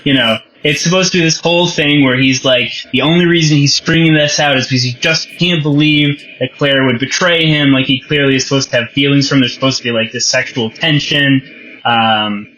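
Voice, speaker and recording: A man talks through a movie review on a podcast, his voice bright and forceful. He rambles and corrects himself as he goes, tossing in wry asides. The sound is a bit dull and lo-fi. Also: mid-range voice, a little fast. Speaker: podcast co-host. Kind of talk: casual film review chat.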